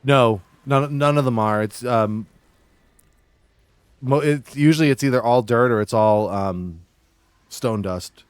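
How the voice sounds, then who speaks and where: A man's voice: medium pitch, clean tone, no echo. Guy from massachusetts chatting on his stream, keeps tripping over his words, dry close mic. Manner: chatty, halting, full of restarts. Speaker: livestreamer. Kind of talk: casual stream chat.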